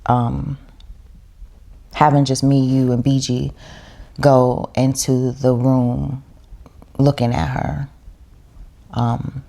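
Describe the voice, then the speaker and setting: Very low, gravelly-voiced woman. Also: little pitch movement, slow pace, pauses often, dark tone. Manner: heartfelt, reflective storytelling. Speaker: podcast guest. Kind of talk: casual chat.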